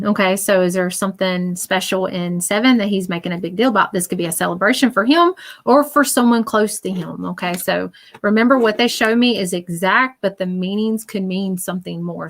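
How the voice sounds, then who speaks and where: A woman's voice: medium pitch, vocal fry. A woman psychic medium giving a live spirit reading in a chatty, reassuring way, full of fillers and check-ins.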